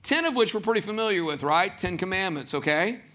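A man with a Southern accent, preaching a sermon as pastor, animated and acting out quoted voices. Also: sits high, fairly quick.

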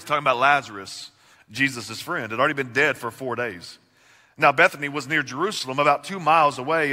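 Bright-voiced preacher man in a reverberant hall. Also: on the high side. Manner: dynamic preaching, swinging from loud emphasis to hushed, intimate questions. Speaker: pastor. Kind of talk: sermon. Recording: long reverb of a large hall.

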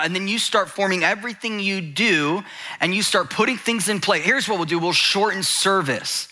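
A male pastor preaching a sermon with passion, dropping to hushed low lines and rising to urgent high ones. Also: normal speed.

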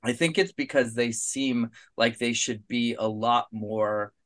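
A man guest-hosting a relaxed horror movie podcast, working through his ideas out loud. He often circles back and restarts his sentences. His voice sits at a middle pitch for a man. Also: unhurried. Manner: thinks aloud, restarts and hedges. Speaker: guest co-host, documentary director. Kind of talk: casual film discussion.

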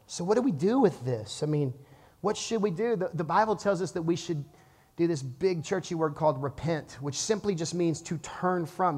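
A pastor in his thirties preaching to his church, telling a lively story and then dropping to a hushed, earnest tone. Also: a little high, a little fast. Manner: animated storytelling, swings from loud to hushed. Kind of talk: sermon. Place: church auditorium.

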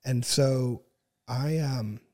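Relaxed husky-voiced man telling a story. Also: mid-range voice, drawn-out words. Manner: relaxed, filler-heavy, clears throat often. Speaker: podcast guest. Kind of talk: casual storytelling.

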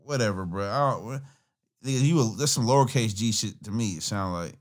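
A man's voice: lowish voice, fairly quick. A man hosting a podcast, giving casual, profane, rambling commentary on songs and laughing often. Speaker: podcast host reacting to music.

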